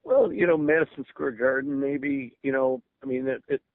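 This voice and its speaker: A gravelly-voiced musician in his sixties from Berwyn, Illinois, USA, tells stories as a guest on a radio interview, speaking eagerly, restarting words and laughing along the way. His mid-range voice keeps a fairly even intonation and moderate pace. It arrives over a narrow, tinny phone line with no room sound.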